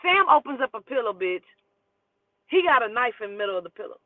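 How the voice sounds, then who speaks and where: A woman telling a personal story in a casual, profane, animated way and acting out the quotes. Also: on the high side, fast, dry recording. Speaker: storyteller host. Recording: tinny phone-like line, dry.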